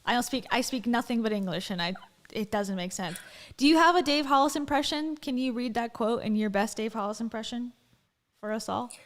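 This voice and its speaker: Woman, co-host, higher-pitched, rambling, casual chat. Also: brisk. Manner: rambling, hedging with "like". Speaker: podcast co-host.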